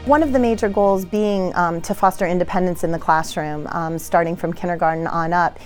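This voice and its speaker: A woman's voice: fairly low pitch, steady tone, fairly quick, faint music behind. A woman who teaches kindergarten, speaking thoughtfully in an interview with frequent ums and restarts. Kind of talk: interview talk.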